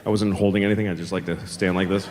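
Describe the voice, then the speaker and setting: A man's voice: low-pitched, flat delivery, quick pace, a little mellow, a faint crowd. A man doing a stand-up comedy set, telling rambling, profane stories in a loose conversational way. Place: large theater stage. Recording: long hall reverb with audience noise.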